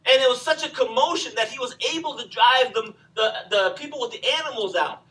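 A man preaching a sermon, telling the story with animated swings from loud to hushed. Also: very high-pitched, a little fast, recorded from a distance, poor audio. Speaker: pastor.

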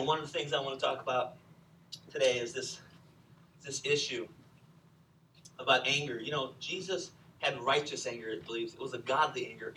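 A man preaching a sermon, telling the story with animated swings from loud to hushed. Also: a little high, recorded from a distance, slight background noise, low-quality recording. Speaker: pastor.

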